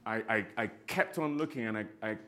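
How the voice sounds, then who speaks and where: Male actor panelist with a bright tone, expressive storyteller who laughs through his anecdotes. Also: on the low side, a little fast, slight background noise. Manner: expressive, laughs often while telling stories. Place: panel stage.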